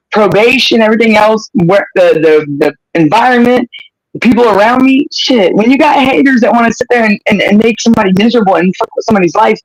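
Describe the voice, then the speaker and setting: Impassioned high-voiced man ranting. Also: dry recording, poor audio. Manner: impassioned, blunt, cusses freely. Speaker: livestream host. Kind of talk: casual livestream rant.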